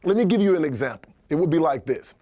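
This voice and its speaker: A middle-aged man giving an instructional sales training talk, explaining steps energetically and acting out customer dialogue in lively voices. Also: fairly high pitch, quick pace, no echo.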